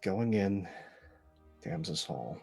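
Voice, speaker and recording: A grim young hero , as a man plays him speaks quietly and deliberately in a tabletop game. His voice sits low and unhurried, resolute and brooding. Soft music lies beneath. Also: animated, vocal fry, husky, heavily acted.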